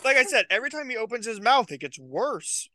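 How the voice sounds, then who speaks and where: A man's voice: very high voice, big pitch swings, brisk, crowd noise. A man co-hosting a podcast, throwing out crude teasing quips in casual banter.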